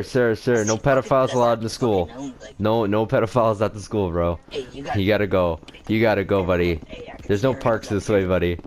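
A man gaming online, playing a mock-stern, exasperated teacher and laughing often. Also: on the low side. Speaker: gaming video host. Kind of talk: playful teacher role-play in online game chat. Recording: busy online voice chat with many players.

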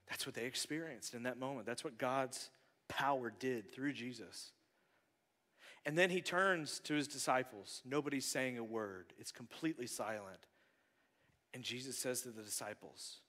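A man preaching a conversational sermon as pastor, moving between loud bursts and hushed near-whispers. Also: a little high, animated, normal speed. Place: church sanctuary. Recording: long church hall reverb.

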